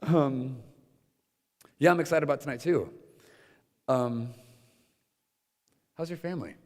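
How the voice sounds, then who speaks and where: A man's voice: mid-range voice, takes it slowly, a little mellow, in a large hall. A young adult man leading an informal teaching session before a room of listeners, talking conversationally with many fillers and acted-out quotes.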